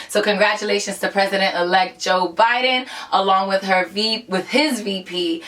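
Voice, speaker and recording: A woman hosting an upbeat vlog countdown, talking in an enthusiastic, conversational way and giving lots of shout-outs. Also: medium pitch, moderate pace, few pauses, recorded from a distance. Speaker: host of a countdown show.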